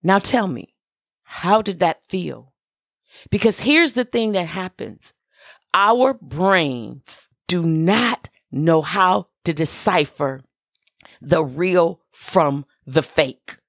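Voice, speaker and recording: Slow, emphatic woman minister on a podcast. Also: on the low side, animated, no room sound, studio quality. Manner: emphatic, repeats key phrases, gives direct instructions. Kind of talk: motivational podcast talk.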